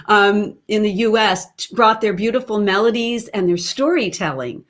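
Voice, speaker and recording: Teaching a voice lesson by webinar over her computer mic, this woman is chatty and explains things as she goes, breaking off to demonstrate sounds and sing snippets. She speaks at a normal speed with a medium-pitched, animated voice.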